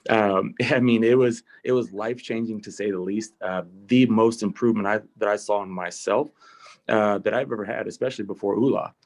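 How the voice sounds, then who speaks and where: Young guy on a video call, low voice, lots of ums, warmly thanking his mentor. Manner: warm and grateful, with frequent fillers. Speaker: team member introducing the guest. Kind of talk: casual introduction on a team call.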